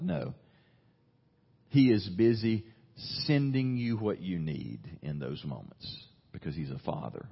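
A man's voice: low-pitched, lively intonation, moderate pace, breathy edge, highs cut off. A male pastor preaching a sermon, reading scripture and talking earnestly and conversationally, with emphatic rises.

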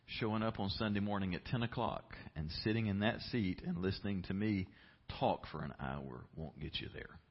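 Fervent male pastor preaching, muffled recording. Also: slightly rough. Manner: swings from low, quiet asides to loud, soaring emphasis; talks directly to the congregation with call-and-response. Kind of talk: sermon. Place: church sanctuary. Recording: muffled, lo-fi live church recording.

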